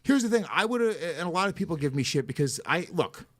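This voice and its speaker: A man's voice: fairly high pitch, lively intonation, brisk. Teasing male comedian co-host. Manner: teasing, joking, rambling with restarts. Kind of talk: casual podcast banter. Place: podcast studio.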